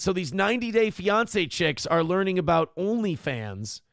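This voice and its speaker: Hosting a live-streamed morning talk show, a man with a fairly high-pitched voice and vocal fry rambles, mocks things in casual commentary, and reads donors' messages aloud. The studio sound is clean, without any room sound.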